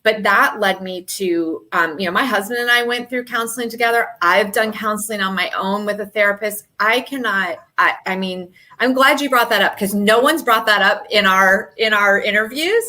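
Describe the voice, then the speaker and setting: An American woman in her forties co-hosting a casual podcast, a chatty, animated storyteller. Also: medium pitch, normal speed, hardly any pauses. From United States. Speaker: podcast co-host.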